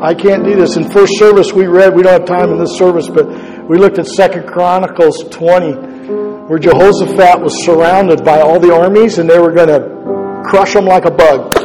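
A man's voice: high-pitched, fairly even intonation, moderate pace, big-room sound, over music, rough recording. A male pastor preaching an earnest, conversational sermon, repeating key phrases for emphasis. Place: church sanctuary.

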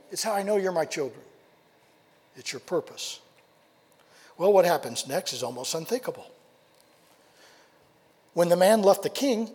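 Male pastor, high husky voice, animated sermon delivery with rhetorical questions; long hall reverb. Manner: animated storytelling, rhetorical questions, drops to quiet emphasis.

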